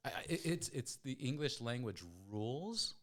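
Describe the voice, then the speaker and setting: Man, podcast host, casual chat, restarts words, acts out voices, swinging pitch. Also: normal speed. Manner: animated storyteller, stammers and repeats words, acts out voices. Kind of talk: casual conversation.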